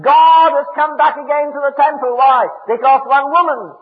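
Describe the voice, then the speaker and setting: A man's voice: very high-pitched, fairly even intonation, normal speed. A man preaching a sermon in a church, emphatic and repeating words as he drives his points home. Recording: echoey hall, tinny phone-like sound.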